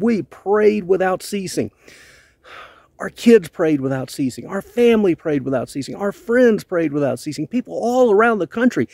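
A man's voice: high-pitched, darkish tone, no echo. A man from the United States speaking an earnest, heartfelt video letter in a plainspoken, questioning way. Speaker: vlogger.

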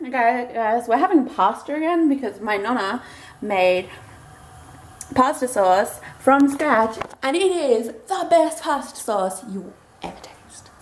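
A woman's voice: on the high side, expressive, takes it slowly, long pauses, a little hiss or hum. A young woman chatting casually through her daily vlog, rambling along with lots of "so yeah" and "um". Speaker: vlogger.

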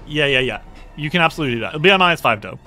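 A man's voice: a little high, animated, racing, bright, forceful tone, faint music behind. A man running a tabletop game as game master, narrating combat vividly and reacting with groans at bad rolls. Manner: friendly, descriptive, reacts with groans.

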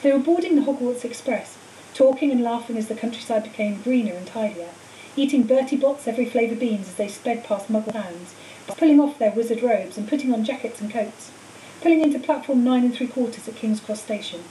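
A woman's voice: a little high, brisk, mellow. Woman teacher reading a storybook. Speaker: teacher reading a book aloud. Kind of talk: storybook read-aloud. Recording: echoey room, far mic, faint hiss.

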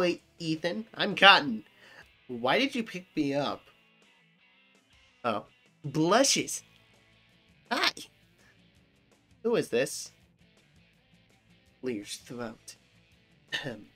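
Slow, lively comedic reader doing voices. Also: slightly rough, faint music behind. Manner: acts out both sides with wild pitch jumps. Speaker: comedic narrator. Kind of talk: comedic reading of chat screenshots.

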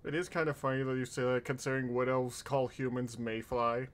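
A man's voice: medium pitch, flat delivery, brisk. Chatty man reacting on stream. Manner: chatty, chimes in with short remarks. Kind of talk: casual reaction chat.

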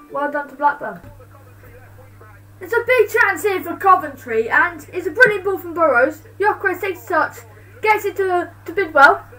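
High-voiced excitable woman fan. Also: distant mic, low-quality recording. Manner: excitable, swings between shouting and muttering. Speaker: fan streamer. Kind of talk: live fan commentary on a football match.

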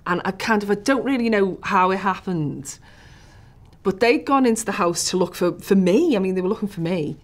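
A woman's voice: medium pitch, animated, moderate pace. A woman with a Liverpool accent, recounting a tense personal story in an interview, dropping to whispers at the scariest moments. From Liverpool, England.

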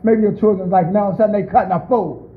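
A pastor with a high voice delivers an easygoing, conversational sermon. He keeps asking his listeners questions and calls on people by name as he goes. The recording sounds tinny and narrow, like a phone line. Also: steady tone, racing.

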